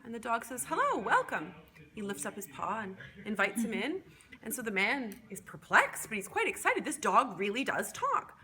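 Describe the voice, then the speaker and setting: A woman professor telling a long joke in an animated storytelling way. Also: a little high, moderate pace.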